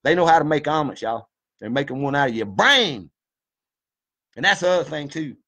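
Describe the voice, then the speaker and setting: A man's voice: a little high, lively intonation, a little fast, pushed and bright. Fired-up man ranting. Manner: fired-up, preachy, swears a lot, folksy. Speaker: video commentator. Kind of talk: impassioned monologue.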